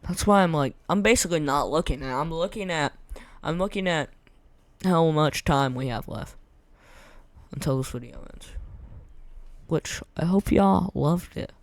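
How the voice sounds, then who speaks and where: A young man giving casual, rambling gameplay commentary, his voice going hoarse, slangy and repeating himself. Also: fairly high pitch, measured pace, no echo. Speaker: gaming content creator.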